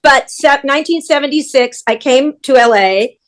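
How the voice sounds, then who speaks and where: A woman's voice: sits high, moderate pace, crowd noise. A middle-aged woman, a stage manager, telling her story as an interview guest. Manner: easygoing, storytelling. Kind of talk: casual interview.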